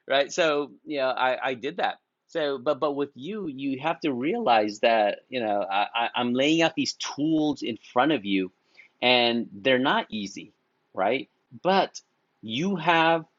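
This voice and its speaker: A man's voice: mid-range voice, no echo, muffled recording. A man giving a blunt, profane motivational talk to beauty professionals, full of slang and restarts, laughing at his own jokes. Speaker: beauty business coach. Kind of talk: casual motivational talk to camera.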